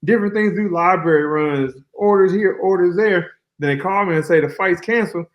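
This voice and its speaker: A man speaking as a guest fighter in a casual interview, relaxed and colloquial, telling long flowing stories over a remote call. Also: high-pitched, fairly quick, dull audio.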